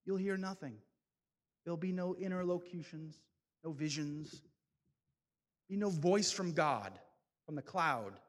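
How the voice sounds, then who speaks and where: A man giving a fervent, preacher-style testimony talk that builds to loud exhortations. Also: a little high, lively intonation, unhurried, pauses often. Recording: long hall reverb.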